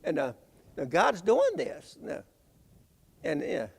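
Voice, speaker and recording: Gravelly preacher in a church. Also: male voice, a little high, wildly swooping pitch. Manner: halting, repeats words, conversational. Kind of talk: bible class sermon. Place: church sanctuary. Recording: reverberant church hall.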